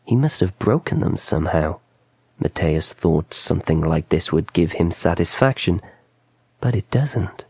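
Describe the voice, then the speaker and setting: Slow deep-voiced male storyteller. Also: mellow, husky, no echo. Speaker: story narrator. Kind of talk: scripted narration.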